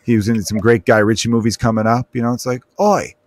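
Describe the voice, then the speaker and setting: A man's voice: on the low side, level tone, quick pace, no room sound. A man hosting a podcast, chatting casually with jokes and rambling asides. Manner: rambling, joking, fond of asides. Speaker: podcast host.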